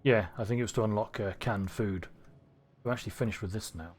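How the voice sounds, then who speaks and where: A man's voice: lowish voice, fast, slight background noise. Rambling English man streaming a game. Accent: neutral southern English. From Cornwall, England. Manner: rambling, thinking aloud, self-questioning. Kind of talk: casual gameplay commentary.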